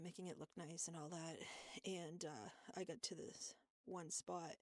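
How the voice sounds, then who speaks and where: A young woman with a low, gravelly voice tells a story on a podcast. She rambles, with plenty of fillers and laughter. The sound is dry and close. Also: a little mellow, no room sound. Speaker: podcast co-host. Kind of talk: casual storytelling chat.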